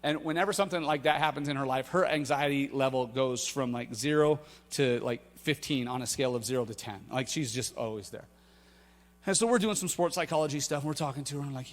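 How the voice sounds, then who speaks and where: A middle-aged man preaching a sermon as a pastor, telling a family story with animated energy in a church. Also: mid-range voice, fast talker. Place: church auditorium. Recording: echoey church hall.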